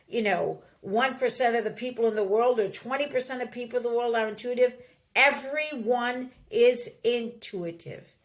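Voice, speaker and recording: A woman hosting a podcast in casual chat, speaking emphatically and dropping into soft, sighing asides. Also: fairly high pitch. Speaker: podcast host.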